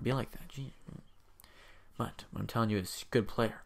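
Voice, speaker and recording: A young man hosting his own video, making casual sports predictions with hyped, energetic bursts. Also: medium pitch, normal speed, vocal fry. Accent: says he has a strange accent. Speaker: video host.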